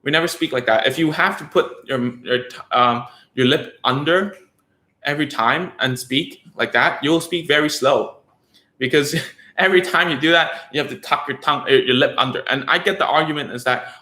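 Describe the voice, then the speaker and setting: A man's voice: fairly high pitch, normal speed, bright, forceful tone, echoey room. A man working as a speech therapist, explaining things to parents in a casual, rambling way with lots of fillers and "okay?" checks. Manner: conversational, rambling with frequent fillers and tag questions. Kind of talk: casual educational talk to parents.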